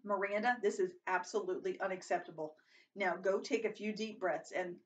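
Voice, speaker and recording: A woman's voice: medium pitch, fairly even intonation, brisk, distant mic, highs cut off, lightly acted. Woman doing a stern, angry male drama teacher. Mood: outraged. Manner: curt, exasperated, loud.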